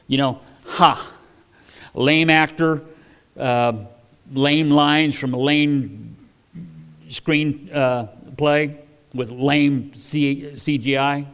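A man's voice: on the high side, steady tone, extremely slow, a bit bright, clean tone. Folksy preacher man teaching a sermon. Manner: folksy and conversational, with frequent fillers and restarts.

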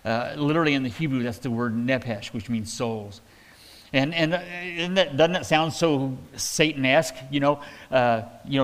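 A man's voice: medium pitch, moderate pace. Man preaching in a reverberant hall. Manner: conversational, folksy, with restarts and paraphrased quotes. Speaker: pastor. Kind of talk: verse-by-verse sermon.

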